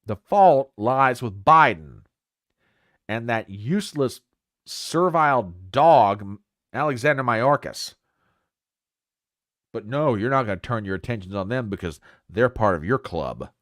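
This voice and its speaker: A man's voice: mid-range voice, expressive, a little slow, pauses often, fairly bright tone, dry recording, studio quality. An older man hosting a casual talk show, reading news aloud with sarcastic asides. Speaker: podcast host. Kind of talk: casual livestream commentary.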